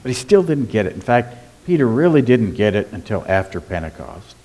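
A man preaching a sermon as pastor, emphatic, asking rhetorical questions and slowing down on key words. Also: lowish voice, sing-song, warm tone.

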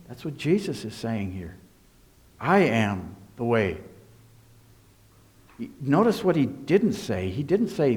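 A man preaching a sermon as pastor, emphatic, swinging between hushed and raised delivery. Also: a little high.

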